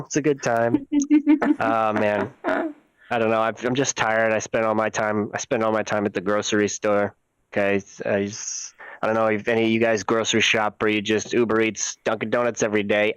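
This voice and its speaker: A young man doing a rambling, self-mocking stand-up set over a video call, often jumping into loud voices. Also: lowish voice, clear, resonant tone, dry recording, low-quality recording. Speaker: stand-up comedian.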